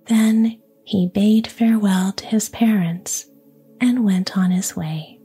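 A woman reads a fairy tale entirely in a whisper. Her voice is breathy, mellow and very unhurried, with soft music underneath. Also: mid-range voice, steady tone. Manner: whispers throughout. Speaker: storyteller.

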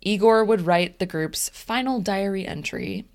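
A woman co-hosting a podcast, narrating a story in a relaxed, casual way and laughing easily. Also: medium pitch, measured pace. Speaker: podcast co-host telling the story.

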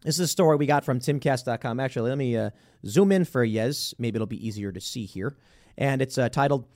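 A man's voice: mid-range voice, fast, a little mellow. A man hosting a political talk show, giving sarcastic, rambling opinion commentary. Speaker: political podcast host.

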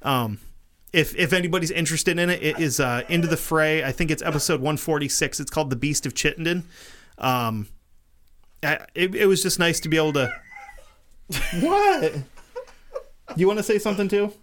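A man hosts a casual podcast with a bright, forward voice that sits a little high. He swears freely and rambles through his thoughts, laughing along the way. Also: fairly quick, slight background noise. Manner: profane, rambling, laughs often. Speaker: podcast host.

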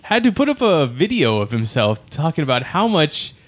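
A man hosting a casual sports podcast, laughing often and pausing with fillers. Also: on the high side, big pitch swings. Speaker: podcast host.

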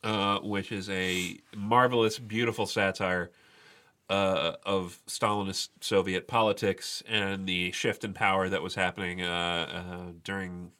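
Wry opinionated podcast co-host, man, lowish voice, bright tone. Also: flat delivery, measured pace. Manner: wry, opinionated, hesitant with fillers. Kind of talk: casual chat.

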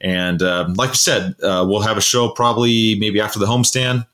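Low-voiced male podcast co-host, loose rambling delivery, frequent fillers. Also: fairly even intonation, normal speed, fairly bright tone. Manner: rambling, many fillers and restarts. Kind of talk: casual sports chat.

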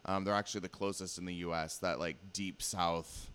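A man's voice: low voice, level tone, fairly quick, a bit bright, clear, resonant tone. A man with a Pacific Northwest American accent, a podcast guest chatting casually and rambling through a nerdy explanation with lots of "um"s. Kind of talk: casual chat.

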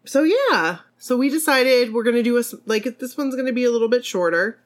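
A woman co-hosting a podcast who is losing her voice, explaining things in a relaxed, casual way. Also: a little high, fairly quick. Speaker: podcast co-host. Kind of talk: casual chat.

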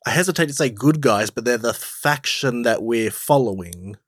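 A man's voice: medium pitch, lively intonation, moderate pace, no echo, clean studio sound. A man co-hosting a podcast, casually discussing a film in a thoughtful, slightly hesitant way. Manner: thoughtful, hesitant, repeats words as he starts. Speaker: podcast co-host. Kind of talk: casual film review chat.

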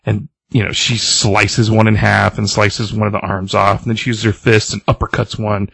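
A man's voice: on the low side, moderate pace, vocal fry, hardly any pauses, slightly rough, dry recording. A man on a comics podcast casually retelling a comic's plot and reading out its characters' lines. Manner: animated retelling, reads out character lines loosely. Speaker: podcast co-host recapping a comic. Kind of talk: casual chat, retelling a story.

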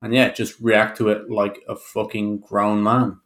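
A man's voice: lowish voice, little pitch movement, measured pace, fairly bright tone. Blunt, wry podcast man. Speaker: podcast co-host. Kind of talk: casual chat.

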